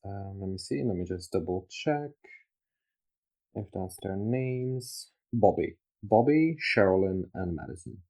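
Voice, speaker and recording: Man, very low voice, gravelly, thoughtful tarot chat. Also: a little slow, a little mellow. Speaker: tarot reader co-host. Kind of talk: casual tarot reading chat.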